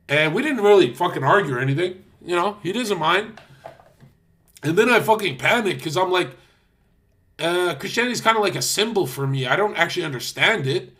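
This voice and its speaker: A young man ranting on a livestream in a high, bright voice. He tells the story in a mocking, profane way and puts on the voices of the people in it. His delivery is loose and casual, like a streamer talking to chat. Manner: acts out the other people in his stories.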